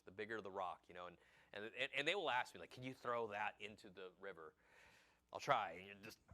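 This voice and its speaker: A man's voice: lowish voice, pushed and bright. A man preaching a midweek sermon in a loose, conversational way, often restarting his sentences. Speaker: pastor.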